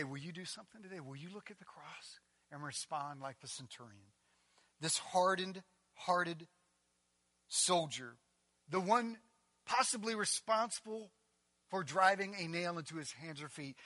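High-voiced, bright, impassioned male preacher. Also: dry recording. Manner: impassioned, rises to near-shouting on emphatic passages. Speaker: pastor. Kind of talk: sermon.

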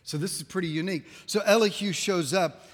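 High-voiced man preaching in a reverberant hall. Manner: emphatic, animated storytelling with quick asides. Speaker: pastor. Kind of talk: sermon.

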